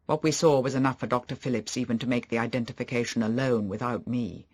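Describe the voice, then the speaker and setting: A man voicing a troubled, grimly calm gentleman in an audiobook, speaking low and measured. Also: lightly acted. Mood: grave.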